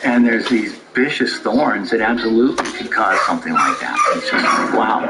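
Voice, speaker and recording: Deliberate, low-voiced police detective. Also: male voice, big pitch swings, heavy background noise. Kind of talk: documentary interview.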